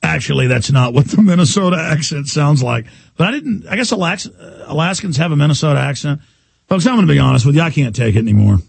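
A man hosting a talk radio show, ranting loudly and combatively with sarcasm. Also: on the high side, creaky, slightly rough, no echo.

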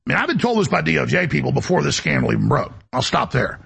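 A man hosting a talk show, delivering a rambling, emphatic monologue in a gravelly, raspy voice. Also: medium pitch, big pitch swings, fast, a bit bright. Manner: emphatic, boastful, jumps between topics.

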